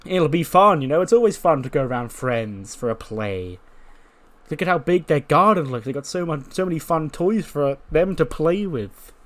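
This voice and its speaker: A man's voice: fairly high pitch, animated, moderate pace, pitched above the performer's own voice, natural voice. A man voicing a creepy, playful male children's-show host who talks in a coaxing, sing-song way.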